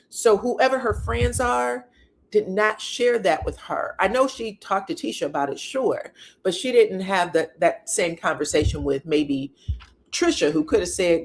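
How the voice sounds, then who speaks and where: A woman's voice: lowish voice, animated, normal speed. A woman giving a sassy, casual recap of reality TV drama, full of rhetorical questions and blunt asides. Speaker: reality TV commentator.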